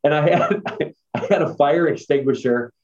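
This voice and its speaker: A man's voice: fairly high pitch, normal speed, a little mellow. A man, a former strength coach, rambling through anecdotes in a casual chat with lots of fillers. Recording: dull lo-fi sound.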